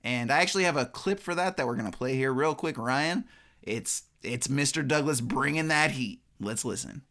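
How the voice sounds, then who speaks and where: A man co-hosting a casual film podcast who tells stories in a jokey, animated way. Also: mid-range voice, moderate pace. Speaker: podcast co-host.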